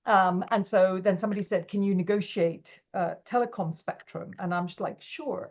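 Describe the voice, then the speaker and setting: A woman, an interview guest, telling her story with animated energy and acting out the lines of people in it. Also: mid-range voice, moderate pace, few pauses. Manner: animated, acts out quoted dialogue. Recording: dull lo-fi audio.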